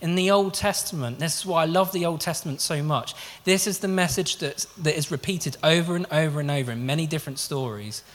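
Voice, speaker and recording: This preacher's fairly high, fairly bright voice moves fairly quickly with few pauses. He delivers his sermon in an earnest, conversational style, often restarting sentences, and the long reverb of a large hall surrounds the recording.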